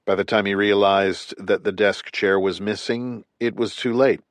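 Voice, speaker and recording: Male narrator, very low voice, steady thriller reading, dry close studio sound. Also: moderate pace, no room sound. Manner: steady, even storytelling delivery. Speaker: audiobook narrator.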